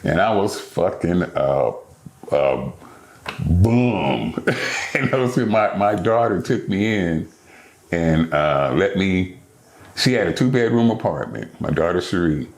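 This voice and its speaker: Older male guest, low voice, cussing and animated, roomy studio sound. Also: slow pace. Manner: animated, profane storyteller acting out others' lines. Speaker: podcast guest. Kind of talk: storytelling interview.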